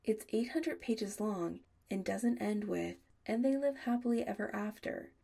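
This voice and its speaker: A woman's voice: medium pitch, lively intonation, unhurried, vocal fry, mellow, slightly rough, exaggerated voice. A woman voicing a protective young male werewolf, tender but firm, in audiobook dialogue.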